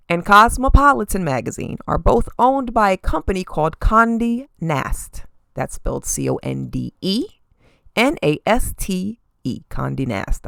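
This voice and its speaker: A woman hosting a podcast, giving sassy, animated celebrity gossip commentary and often tossing in "okay?" asides. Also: on the low side, creaky, dry recording, clean studio sound. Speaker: podcast host.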